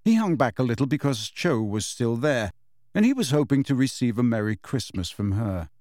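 Reading scripted audiobook narration, a man tells the story with measured expressiveness. The recording is dry and clean, studio-made, and his pitch sits in the middle.

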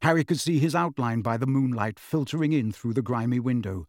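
A man reading a storybook aloud as narrator, in a steady, expressive storytelling manner. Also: mid-range voice, normal speed, hardly any pauses, no echo, studio quality. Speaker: audiobook narrator. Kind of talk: scripted narration.

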